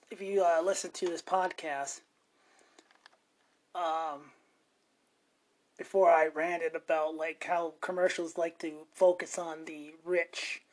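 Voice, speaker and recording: A female podcast host rants in a chatty, meandering monologue, frequently cutting herself off mid-sentence. She speaks slowly with a fairly low pitch and leaves long pauses.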